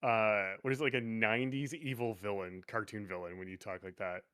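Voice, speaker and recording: A man's voice: on the low side, steady tone, a little fast, sharp tone, clear, resonant tone, no echo, studio quality. A man co-hosting a casual gaming podcast, joking, swearing and laughing. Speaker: podcast co-host.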